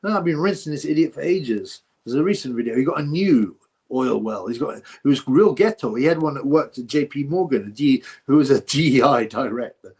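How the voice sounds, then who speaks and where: A man's voice: medium pitch, expressive, brisk, a little mellow. A man hosting a livestream, blunt and rambling as he answers viewer comments in casual chat. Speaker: livestream host.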